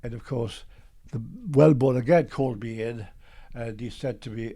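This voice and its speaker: An older man with a Geordie accent, a guest on an interview show, telling his story in a lively way and acting out old conversations. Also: medium pitch, normal speed. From Newcastle, England.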